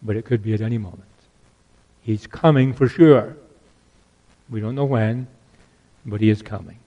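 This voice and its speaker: An older man preaching a sermon, earnest, repeating key phrases and swinging between loud exhortation and hushed asides. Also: lowish voice, moderate pace, dull audio.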